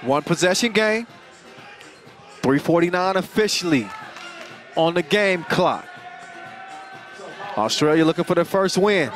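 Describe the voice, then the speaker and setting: A man calling a basketball game live, joking and energetic, getting louder on big plays. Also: high voice, measured pace, long pauses. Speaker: play-by-play commentator. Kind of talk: live sports commentary. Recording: crowd and music under the commentary. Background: arena crowd and music.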